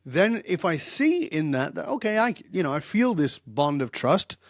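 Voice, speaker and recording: A man's voice: a little high, moderate pace, no room sound, clean studio sound. An older man telling stories in a direct, emphatic way as a guest in a podcast interview. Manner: direct, emphatic, animated storyteller. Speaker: guest expert.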